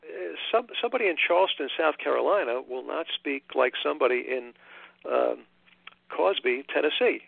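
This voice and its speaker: Older male author guest, gravelly and halting, heard over a tinny phone line. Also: fairly high pitch, expressive, no room sound. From Long Island, New York. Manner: halting, many restarts and fillers. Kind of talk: casual interview chat.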